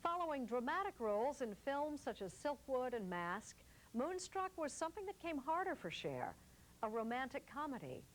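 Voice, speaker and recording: A woman's voice: sits high, big pitch swings, a little hiss or hum, poor audio. Polished woman news narrator. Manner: measured, polished. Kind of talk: scripted TV narration.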